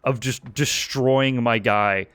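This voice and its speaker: A man in casual gaming chat who laughs easily and rambles through his stories, swearing freely. His voice sits at an ordinary pitch and sounds dry and close. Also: fairly even intonation, slow pace, fairly bright tone, smooth, dry recording. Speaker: gaming co-host.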